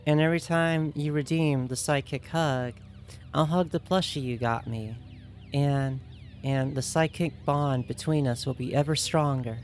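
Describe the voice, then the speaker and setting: A woman's voice: sits low, unhurried, darkish tone, soft background music. A woman streaming games and chatting casually with viewers, playful and teasing, often giggling.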